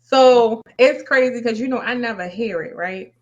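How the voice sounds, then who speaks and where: A woman co-hosts a casual podcast, talking bluntly and with lots of slang. Her voice sits a little high, and the sound is somewhat dull and lo-fi. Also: moderate pace. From New York. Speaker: podcast co-host. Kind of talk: casual chat.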